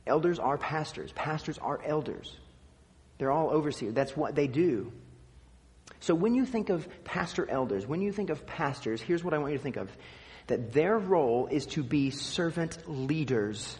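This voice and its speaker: A man's voice: medium pitch, expressive, normal speed, in a large hall. A man preaching a sermon, teaching with emphatic repetition and dry asides. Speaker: pastor.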